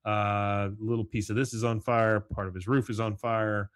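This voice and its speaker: A man's voice: lowish voice, level tone, normal speed, no room sound. A man hosting a podcast solo, recapping a cartoon episode in a rambling, casual way, full of fillers. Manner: rambling, with frequent fillers and chuckles. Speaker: podcast host.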